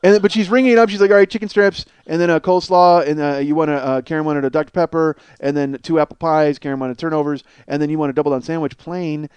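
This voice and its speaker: His voice is on the high side, clean and darkish, steady in tone and fast, with hardly any pauses, captured in a dry recording. The man, a comedy podcast host with a cold sore on his face, performs a comic monologue: a rambling, profane, self-mocking story he laughs at himself.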